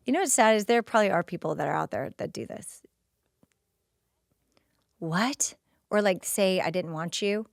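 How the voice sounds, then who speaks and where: A middle-aged woman hosting a podcast, recapping an episode in casual, expressive commentary. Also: mid-range voice, normal speed, vocal fry, pauses often, no room sound, clean studio sound. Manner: expressive, slips into quoted dialogue. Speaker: podcast host.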